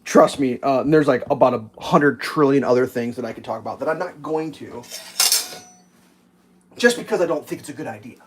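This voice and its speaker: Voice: mid-range voice, brisk, a little hiss or hum. A person around forty ranting sarcastically and swearing in casual rambling chat while cooking on a livestream. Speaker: livestream host.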